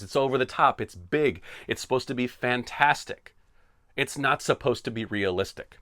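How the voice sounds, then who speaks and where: A man rants on his solo podcast in an animated, tongue-in-cheek way, full of sarcasm. His voice sits in a middle pitch, and the close mic sounds dry with no room around it. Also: dry recording. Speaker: podcast host. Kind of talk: opinionated solo podcast rant.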